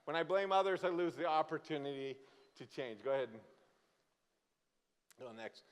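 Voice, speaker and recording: A man's voice: on the high side, moderate pace. A man from Brazil, a guest pastor, telling a funny story in a sermon and acting out the people in it. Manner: lively, joking storyteller who acts out the characters. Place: church sanctuary. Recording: church hall with long reverb.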